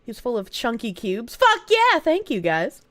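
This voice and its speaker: A young woman streamer chats loosely with her viewers, swearing and laughing as she goes. Her voice sits high and swings widely in pitch. She is recorded close and dry, with a slightly thick sound from her sore tongue. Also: sing-song, moderate pace, a bit bright, dry recording. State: talking around a sore swollen tongue. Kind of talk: casual live-stream chat.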